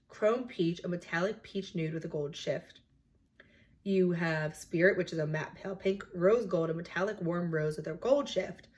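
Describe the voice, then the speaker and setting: A young woman talking casually and chattily as a beauty vlogger, sharing her opinions on new makeup releases with lots of "like" and "um". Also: on the low side. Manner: chatty, opinionated, filler-heavy. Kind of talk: casual product review.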